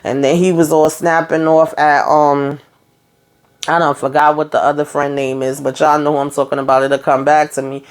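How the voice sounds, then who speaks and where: A woman's voice: deep voice, level tone, moderate pace. A woman casually recapping a TV episode, chatty and profane, with lots of fillers. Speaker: TV show reviewer.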